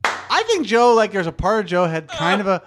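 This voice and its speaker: A man's voice: high voice, big pitch swings, fairly quick, music in the background. A man co-hosting a podcast, chatting casually in a laid-back, dry and blunt way. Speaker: podcast co-host. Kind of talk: casual chat.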